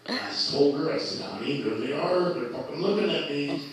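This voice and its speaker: A man's voice: fairly high pitch, expressive, brisk, a little hiss or hum. Profane man spinning a bar story. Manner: loose, profane, laughing through his story. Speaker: storyteller guest. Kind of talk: casual storytelling chat. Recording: very echoey, distant mic.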